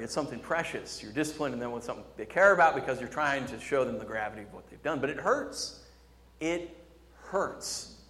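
A man preaching a sermon, jumping from loud, excited exclamations to quiet, low emphasis. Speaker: pastor. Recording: long hall reverb.

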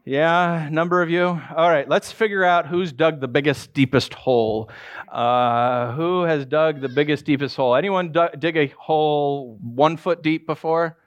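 A man, a pastor preaching a sermon with humorous asides and a conversational, animated delivery. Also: fairly high pitch, moderate pace, dull audio.

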